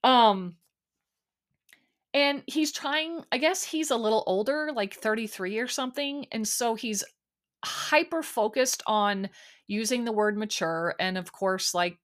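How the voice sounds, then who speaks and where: A woman's voice: a little high, a little slow, fairly bright tone. A woman talks on her own in a casual recap podcast. She rambles with plenty of fillers. Her frustration keeps breaking through. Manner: chatty, exasperated, full of ums and likes. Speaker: podcast host.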